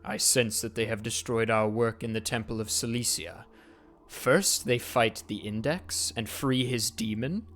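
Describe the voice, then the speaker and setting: Man doing a distant, warped cult priest calling out from the flames of a tabletop game; slow, grave orders. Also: on the low side, a bit bright. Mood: commanding. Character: distorted disembodied male cult priest speaking from flames.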